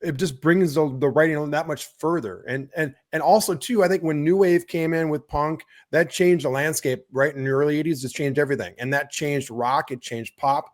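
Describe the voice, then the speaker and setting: A man's voice: on the high side, moderate pace, few pauses. A man co-hosting a music podcast, giving opinions in casual chat and laughing easily. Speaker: podcast co-host.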